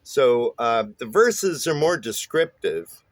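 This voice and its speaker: A man's voice: medium pitch, very animated, slow, no echo. A man teaching songwriting in a casual spoken lesson, explaining loosely with many "uh"s and "right?"s. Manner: loose explaining with many fillers and tag questions.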